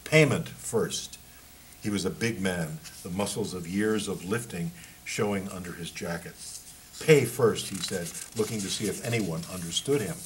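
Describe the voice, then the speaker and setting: A man reads a passage from his own book in an even, measured delivery. His voice sits on the low side, with a faint hiss of noise under it. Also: rough recording. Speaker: author reading his book. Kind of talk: book reading.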